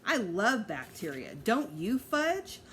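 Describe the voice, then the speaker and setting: A woman voicing a bossy, giddy little girl of five who talks in a high sing-song. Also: sing-song, slow pace, fairly bright tone, a little hiss or hum, exaggerated voice.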